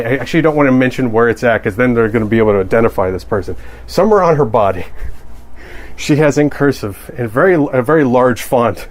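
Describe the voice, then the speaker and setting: A man with a voice of middle pitch, talking loosely in a podcast monologue. He rambles and cracks jokes, often restarting his sentences. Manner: rambling and joking, with many restarts. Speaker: cartoonist.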